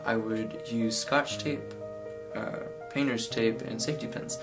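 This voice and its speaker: A man's voice: lowish voice, steady tone, measured pace, gravelly, rough recording. A sixteen-year-old boy talking candidly and reflectively about his own life. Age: teenage. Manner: candid, reflective, shifts into playful voices. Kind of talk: personal storytelling. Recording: music playing underneath.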